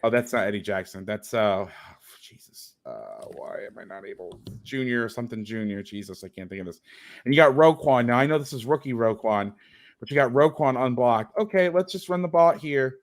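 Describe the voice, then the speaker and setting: A man's voice: medium pitch, animated, brisk. A man hosting as a football coach, breaking down game film on a video call with sarcastic, exasperated commentary.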